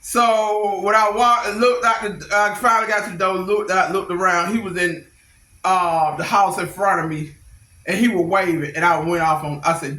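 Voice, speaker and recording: A middle-aged woman tells stories in a bright, forceful voice. She talks bluntly and animatedly, in slangy speech. The room has a noticeable echo. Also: on the low side, steady tone, moderate pace, slight background noise. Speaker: vlogger. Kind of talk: casual storytelling. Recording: echoey room.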